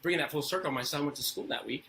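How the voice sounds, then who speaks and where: A man with a fairly high, sharp-toned voice talks rapid-fire, in a rough recording with a little hiss or hum. Appearing as an interview guest on parenting, he tells personal stories earnestly and in a casual way, fond of rhetorical questions.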